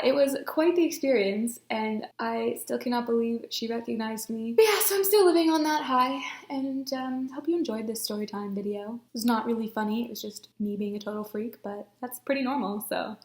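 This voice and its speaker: A woman's voice: fairly high pitch, brisk, few pauses, echoey room. A young woman telling a story in a casual vlog, bubbly and giggly, often poking fun at herself. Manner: bubbly, giggly, self-mocking. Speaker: book vlogger.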